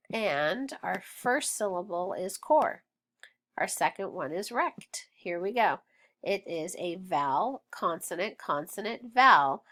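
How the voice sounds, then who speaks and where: A woman teaching phonics, who sounds out words slowly and patiently and praises the learner. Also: fairly low pitch, bright, forceful tone. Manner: patient, encouraging, stretches sounds out. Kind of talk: slow, clear phonics drill.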